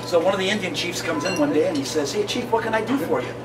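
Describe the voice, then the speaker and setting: A man doing stand-up comedy at a lunch event, telling folksy jokes loudly with punchlines. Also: high-pitched, fast. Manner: loud, folksy, punchline-driven. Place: banquet room during a lunch. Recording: distant mic with loud room noise and clinking dishes.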